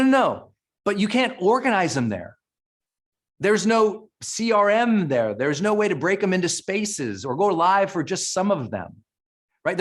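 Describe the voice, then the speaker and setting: A middle-aged man speaking as a summit presenter at a live online session, fired up and energetic, repeating phrases for emphasis. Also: sits high. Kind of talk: live webinar teaching.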